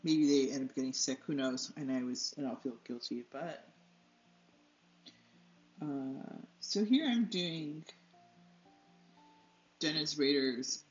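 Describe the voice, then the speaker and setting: A woman's voice: very deep voice, takes it slowly, long pauses. A woman artist chatting casually as she paints, rambling and losing her train of thought, laughing often, a little stuffy from allergies. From United States. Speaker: artist and channel host. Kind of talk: casual chat while painting. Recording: slightly dull, roomy, faint music.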